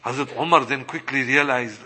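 A man preaching a sermon with passion, slowing down to stress his points. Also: medium pitch, bright, forceful tone, husky. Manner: impassioned, slows for emphasis, acts out quoted voices. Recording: long hall reverb.

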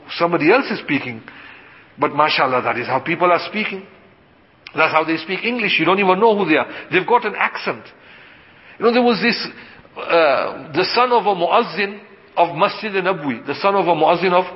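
A man, an imam, giving a sermon in a mosque, posing rhetorical questions and answering them himself. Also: sits high. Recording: dull lo-fi sound with long hall reverb.

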